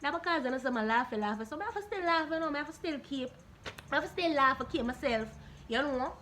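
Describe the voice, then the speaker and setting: Jamaican woman, high-pitched, casual Q&A vlog, animated and blunt. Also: brisk, a little hiss or hum. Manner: animated, blunt, Patois-laced storytelling. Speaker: YouTuber answering viewer questions.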